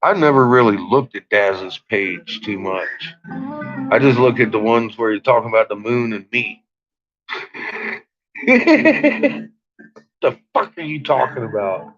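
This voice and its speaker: A man's voice: mid-range voice, animated, takes it slowly, pauses often, music in the background. A man hosting a late-night livestream, ranting profanely at his chat and often breaking into laughter. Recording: dull lo-fi stream audio.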